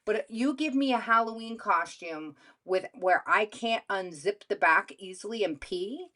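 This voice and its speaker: A woman co-hosting a podcast in casual chat, talking in an animated, frank way and swearing casually. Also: medium pitch, a little slow. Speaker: podcast co-host.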